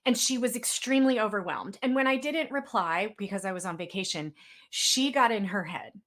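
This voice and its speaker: A woman's voice: medium pitch, lively intonation, a little fast, fairly bright tone. A woman presenting a webinar, telling stories in a chatty way and acting out the exchanges she quotes. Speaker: webinar speaker.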